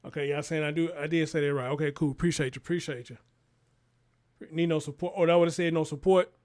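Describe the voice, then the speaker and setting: Animated high-voiced man riffing to chat. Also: fast. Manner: animated, talks straight to chat. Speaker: livestream show host. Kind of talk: casual livestream commentary.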